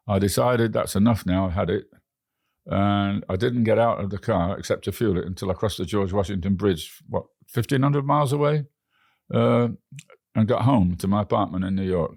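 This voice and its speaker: A man's voice: on the low side, gravelly, darkish tone, no room sound, clean studio sound. A man with an English accent, a guest telling rambling travel stories in an interview, often restarting his words. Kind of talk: anecdotal storytelling.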